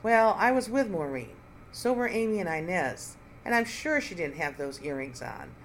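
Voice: medium pitch, sing-song, normal speed, fairly bright tone, slight background noise, low-quality recording. A reader voicing an eager male university colleague.

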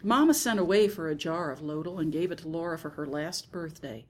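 A woman narrating a first-person literary story in a soft, hushed, intimate reading. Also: sits low, lively intonation, a little fast. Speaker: audiobook narrator.

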